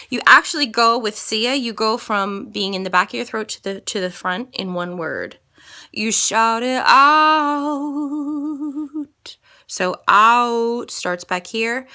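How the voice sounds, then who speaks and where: A classically trained woman teaching a singing lesson, explaining slowly and singing lines to demonstrate. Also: medium pitch, pushed and bright. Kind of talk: vocal lesson with sung examples.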